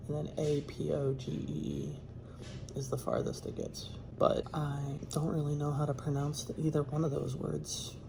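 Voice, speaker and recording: Low husky-edged woman rambling casually. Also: noisy background. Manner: chatty, swears often, trails off and restarts. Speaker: streamer. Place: at home.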